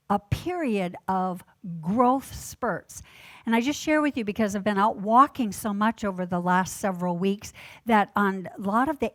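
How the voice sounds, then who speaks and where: A woman minister preaching a sermon, telling gentle stories with measured emphasis. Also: a little high, no room sound.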